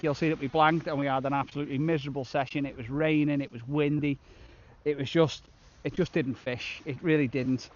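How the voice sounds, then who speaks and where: Outdoors on a beach, a man with a slightly high voice narrates his shore fishing trip for a vlog. He talks to the camera in a relaxed, cheerful way, with the audio's high frequencies cut off.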